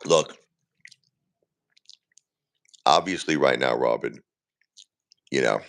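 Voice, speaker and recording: Grieving male live-stream host in his forties, very deep and gravelly, rambling and repetitive. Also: unhurried, a bit bright. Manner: repeats himself, talks straight to chat viewers by name. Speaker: livestream host. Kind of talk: casual live-stream talk to viewers.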